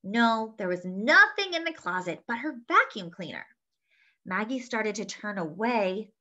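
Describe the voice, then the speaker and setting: Woman storyteller for kids, animated and bright, engaging listeners with questions; muffled lo-fi recording. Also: mid-range voice, a little slow. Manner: lively, asks young listeners questions. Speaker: children's story reader. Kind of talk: read-aloud storytelling for children. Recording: dull lo-fi sound.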